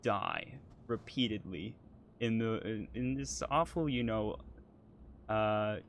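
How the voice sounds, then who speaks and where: A man's voice: on the low side, slow pace, a little hiss or hum. Hesitant man in casual chat. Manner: hesitant, many ums, apologetic and laughing. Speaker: podcast co-host playing a driving game.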